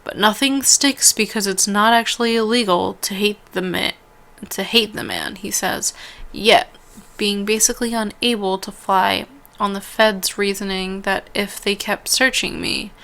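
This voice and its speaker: A woman with a bright, clear-toned voice reads an interactive story game aloud. She trips over longer words, restarts her lines and slips in casual asides between passages. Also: mid-range voice, fairly even intonation, unhurried. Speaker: let's-play host.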